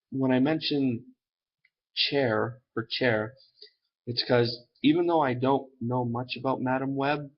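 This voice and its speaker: A man of ordinary pitch recapping a comic story in a loose, rambling vlog style. He trails off into fillers and asides as he goes. The sound is muffled and lo-fi, like a cheap home mic. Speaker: comic book reviewer. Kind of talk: casual rambling plot recap.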